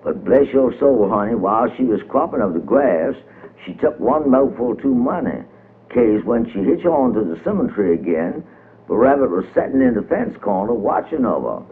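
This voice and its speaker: A man's voice: mid-range voice, sing-song, normal speed. A man with a reading a folk tale in a colorful, rhythmic storytelling manner. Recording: tinny old radio recording.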